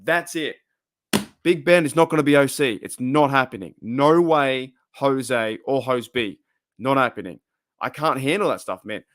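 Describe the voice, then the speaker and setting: A man's voice: mid-range voice, moderate pace, fairly bright tone, dry recording. A young Australian man chatting casually on his channel, rambling off on tangents and chuckling often. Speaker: channel host. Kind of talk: casual live-stream chat.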